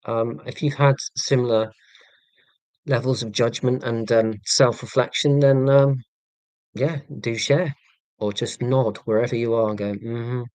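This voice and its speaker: Casual live-stream host: man, flat monotone, deadpan self-mocking humour, dry close sound. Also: medium pitch, unhurried, dry recording. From England. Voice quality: monotone delivery.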